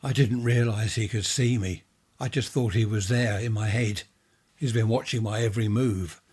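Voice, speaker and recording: A man's voice: on the low side, steady tone, moderate pace, a little mellow, husky. A man reading a ghost story, voicing a frightened, tearful young woman who pleads through sobs. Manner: sobbing, pleading. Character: frightened teenage girl, tearful and desperate.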